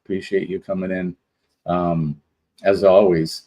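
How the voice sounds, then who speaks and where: Brief: male livestream host, low voice, easygoing and chatty, greets the chat one name at a time. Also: flat delivery, a little slow, warm tone, poor audio. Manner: rambling, greeting viewers one by one. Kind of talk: casual live-stream chat.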